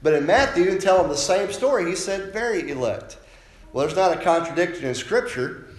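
A man preaches a sermon, pressing his points home with insistent emphasis and tagging them with rhetorical questions to the congregation. His voice sits a little higher than most men's. It carries a roomy echo. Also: expressive, a little fast. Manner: preaching with frequent rhetorical "right?" tag questions. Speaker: pastor.

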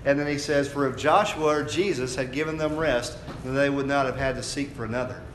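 A man's voice: mid-range voice, brisk, a little hiss or hum. A man preaching a sermon in an echoey hall. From United States. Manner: conversational teaching that builds to raised, fervent preaching. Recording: echoey room with faint ambience.

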